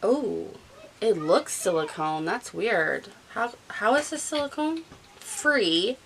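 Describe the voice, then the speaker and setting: Talking slowly while she does her makeup, this woman in her thirties, a beauty vlogger, rambles in a casual, chatty way. Allergies leave her mid-range, fairly bright voice nasal and stuffy, though her intonation stays lively. It's a rough recording with slight background noise.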